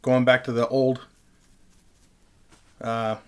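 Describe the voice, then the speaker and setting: A man's voice: mid-range voice, little pitch movement, slow, clean tone. A man casually telling a rambling, profane story straight to his webcam, with lots of fillers. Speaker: vlogger. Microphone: webcam picking up the mic closely.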